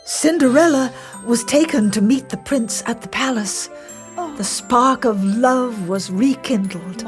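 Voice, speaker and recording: A woman's voice: a little high, measured pace, faint music behind. A woman reading a fairy tale aloud in a playful, theatrical way. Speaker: storybook narrator. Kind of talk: expressive storybook reading.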